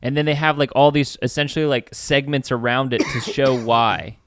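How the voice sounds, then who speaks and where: A man's voice: medium pitch, fairly even intonation, normal speed. A young man chatting casually as a podcast co-host, rambling with many fillers. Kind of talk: casual chat.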